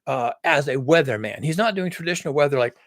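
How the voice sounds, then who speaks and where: Male creator, raised husky voice, profane doom-laden rant, dry close sound. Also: a little high, lively intonation, fast, fairly bright tone, dry recording. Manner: dramatic, profane, paints grim scenarios. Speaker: video creator. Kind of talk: ranting monologue.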